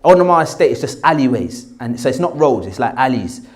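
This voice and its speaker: A South London man in his forties, an actor from England, tells an anecdote from his past in a mid-range voice at a slightly quick pace. He's animated throughout, acting out the people he quotes.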